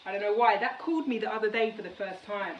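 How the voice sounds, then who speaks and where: A woman's voice: mid-range voice, quick pace, highs cut off, a little hiss or hum. Chatty woman in a roomy kitchen. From United Kingdom. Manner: chatty and rambling, many fillers. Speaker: vlogger. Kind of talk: casual cooking vlog chat. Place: home kitchen. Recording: roomy kitchen, mic at a distance, faint background.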